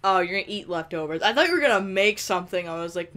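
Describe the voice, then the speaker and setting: A woman's voice: medium pitch, expressive, fast talker, hardly any pauses, fairly bright tone. A woman giving playful, giggly gameplay commentary, teasing the characters and talking straight to them on screen. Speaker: let's play host.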